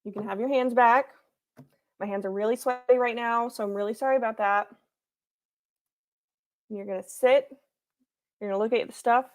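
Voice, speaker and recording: Bright-voiced woman giving earnest affirmations. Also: a little high, steady tone, normal speed, long pauses. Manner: earnest, repetitive affirmations, playful asides. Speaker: livestream host. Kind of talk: encouraging pep talk to viewers. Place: at home.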